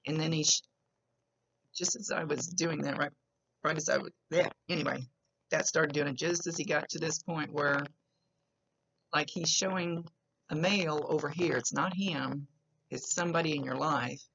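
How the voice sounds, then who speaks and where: A woman psychic medium talks her way through a reading in a loose, rambling style, and often stops and restarts her sentences. Her voice is gravelly with vocal fry, and she has a smoker's cough. The recording sounds dull and lo-fi. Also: low voice, steady tone, normal speed, pauses often, a bit bright. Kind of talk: casual spoken reading to a client.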